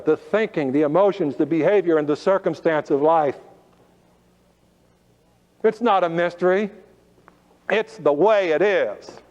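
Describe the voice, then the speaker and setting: High-voiced man preaching in an auditorium. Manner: rhetorical questions, drawn-out emphatic phrasing. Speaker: motivational speaker. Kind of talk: motivational talk to a live audience. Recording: lo-fi recording with long hall reverb.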